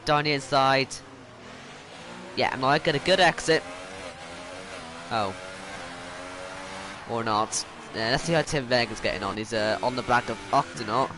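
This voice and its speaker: Over the roar of racing car engines from the game, a man narrates his own online race as it goes wrong around him, sounding self-mocking and exasperated. His medium-pitched voice keeps a measured pace and pauses often.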